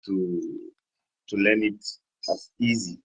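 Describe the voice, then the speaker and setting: Man from Cameroon, husky voice, hesitant guest, dry close sound. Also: fairly low pitch, fairly even intonation, slow, a bit bright, no echo, low-quality recording. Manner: hesitant, self-conscious, laughing easily. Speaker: guest blogger. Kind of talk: casual interview chat.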